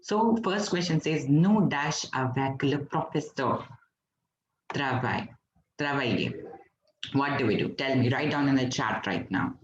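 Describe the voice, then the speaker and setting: A man from India teaches an online class at an unhurried pace, with patient step-by-step explaining. His voice sits at a middle pitch. The recording is roomy and dull, with a faint hiss underneath. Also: animated. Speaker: French teacher.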